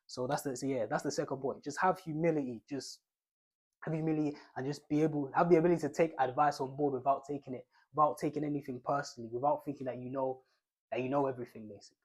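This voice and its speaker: A man's voice: mid-range voice, steady tone, quick pace, slightly rough. A young man giving casual football advice, rambling in slang and restarting his phrases often.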